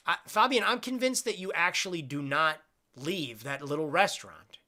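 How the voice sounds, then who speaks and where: Young guy streaming, kinda high bright voice, rambly and blunt, swears a bunch while reading chat. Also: animated, moderate pace. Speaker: live stream host. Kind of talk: casual live-stream chat answering viewers.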